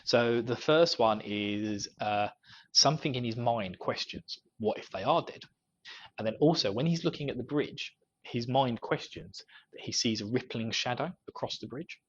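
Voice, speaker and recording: A man talks through a book chapter in easygoing podcast chat, chuckling between thoughts. His voice sits at an ordinary middle pitch. The recording is muffled and lo-fi. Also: a little slow, fairly bright tone, husky. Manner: chuckles often while recapping. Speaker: podcast co-host. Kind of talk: casual book discussion chat. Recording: dull lo-fi podcast audio.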